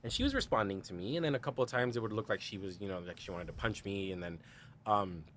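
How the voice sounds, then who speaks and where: On the low side and animated, the man talks fast in a slightly bright voice with a little background noise. He appears on a podcast telling a frank personal story, voicing others' lines, laughing often, and dropping "like" and "you know" throughout.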